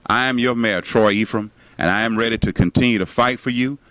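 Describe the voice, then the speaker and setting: A man's voice: mid-range voice, a little fast, a bit bright, smooth, dry recording, rough recording. A man giving an emphatic, repetitive campaign speech as a city mayor. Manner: emphatic, repetitive rally rhetoric.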